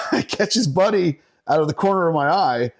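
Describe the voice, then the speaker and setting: Profane, animated middle-aged man telling stories. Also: a little high, moderate pace. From Northeastern Pennsylvania. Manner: animated, profane, laughing while telling a story. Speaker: podcast guest, bassist. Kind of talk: casual storytelling.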